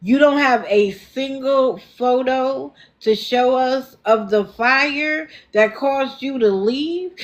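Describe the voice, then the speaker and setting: A woman hosting a casual livestream, talking indignantly and accusingly. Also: sits high. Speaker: livestream host.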